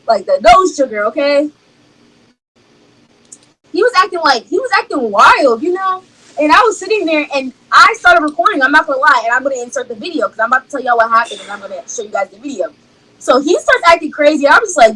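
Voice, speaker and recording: A woman's voice: high-pitched, expressive, a little fast, fairly bright tone, rough recording. A young woman telling a casual storytime, rambling and repeating herself as she acts out what people said. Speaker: storyteller in a clip.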